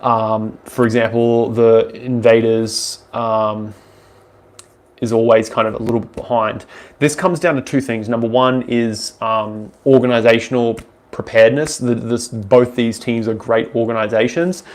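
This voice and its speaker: Young Australian man, Australian accent, mid-pitched, rambling, casual livestream Q&A. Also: fairly even intonation, unhurried. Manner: rambling, loose, with frequent ums and restarts. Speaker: livestreamer answering viewer questions. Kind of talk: casual live Q&A chat.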